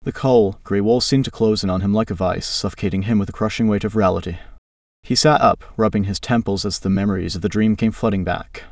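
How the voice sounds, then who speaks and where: Gravelly man reading a fantasy tale. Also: fairly low pitch, steady tone, fairly quick, no room sound, studio quality, distant mic. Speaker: storyteller. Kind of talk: reading a fantasy story aloud.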